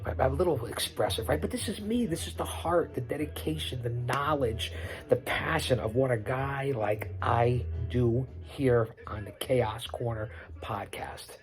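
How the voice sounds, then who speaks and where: A man's voice: medium pitch, normal speed, faint music behind. A middle-aged man hosting his own podcast, giving unscripted live commentary over a wrestling broadcast in a boastful, preachy way, repeating himself and rattling off lists. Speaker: podcast host doing wrestling watch-along commentary.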